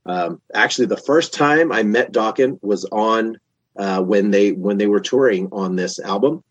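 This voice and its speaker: A man in his fifties, a podcast guest, telling a long story in a casual, animated way with lots of restarts. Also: fairly low pitch, unhurried, slightly rough, no room sound, highs cut off. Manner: animated, chatty, many restarts.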